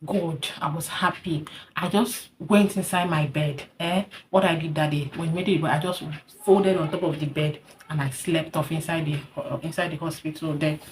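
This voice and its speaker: A young woman with a Nigerian English accent, telling a personal story in an earnest, heartfelt vlog, repeating herself and pausing with fillers. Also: sits low, fairly even intonation, a little mellow, slight background noise. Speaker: vlogger sharing a personal story. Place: hot indoor room.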